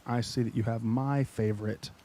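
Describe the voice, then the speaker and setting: A man's voice: mid-range voice, fairly even intonation, moderate pace, warm tone. A man hosting a live stream, chatting casually and heaping eager praise on his guest. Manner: enthusiastic, effusive praise.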